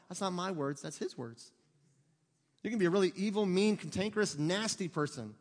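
A male pastor preaching with emphasis, his voice sitting a little high for a man. He pushes his listeners with rhetorical questions. The sound rings with the long reverb of a large hall. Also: fairly quick. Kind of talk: sermon.

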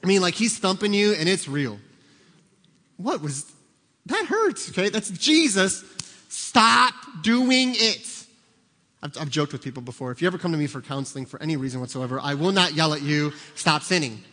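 A man preaching a sermon as a pastor, animated and acting out little scenes, sometimes shouting for emphasis. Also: fairly high pitch, fairly quick. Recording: long hall reverb.

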